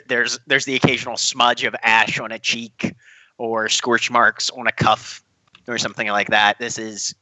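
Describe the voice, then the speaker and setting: A man narrating as game master of a tabletop game, describing scenes with pauses and repeats. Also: fairly low pitch, pushed and bright, dry recording, low-quality recording.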